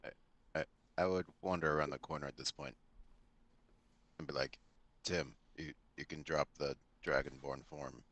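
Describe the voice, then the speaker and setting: A man talking as a player in a tabletop game, relaxed and explaining his plans at length. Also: very deep voice, normal speed, long pauses, lo-fi sound, slight background noise.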